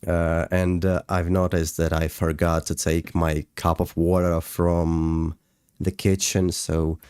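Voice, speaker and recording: A man's voice: low-pitched, flat delivery, slow, a little mellow, clean tone, no echo, clean studio sound. A man casually chatting on a livestream while walking through his animation work, hesitant with many fillers. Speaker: animator streaming a breakdown. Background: faint music.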